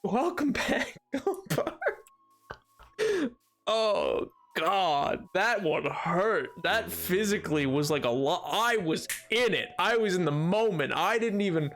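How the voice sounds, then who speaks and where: A young man streaming a game, chatting casually and jokily, swinging between mumbling asides and sudden shouts. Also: high voice, expressive, slow, soft background music. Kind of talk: casual live-stream chatter while gaming.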